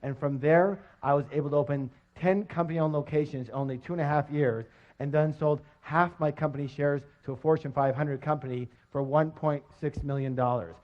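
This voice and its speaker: Energetic middle-aged man working a seminar crowd. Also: fairly high pitch, brisk. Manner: energetic, quizzes the audience, jokey. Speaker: motivational seminar speaker. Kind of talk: live motivational seminar talk. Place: live seminar with audience. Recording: dull lo-fi live recording.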